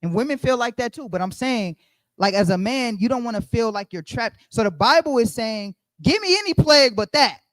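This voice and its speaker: A man's voice: extremely high pitch, expressive, fairly quick, a bit bright, no echo. A man leading a Bible study, preaching conversationally and emphatically, repeating his key phrases as he speaks straight to the group.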